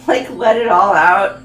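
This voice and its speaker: A woman doing a casual tarot reading at home, talking slowly and loosely with plenty of fillers and easy laughs. Her voice sits in a middle range. The room has a noticeable echo and faint music underneath. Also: mid-range voice, fairly bright tone. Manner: chatty, laughing, rambling with many fillers. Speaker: tarot reader.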